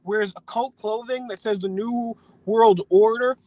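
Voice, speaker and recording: A man's voice: high-pitched, steady tone, unhurried, darkish tone, no room sound, rough recording. An American man co-hosting a live stream, ranting indignantly about politics with repeated words and stumbling restarts.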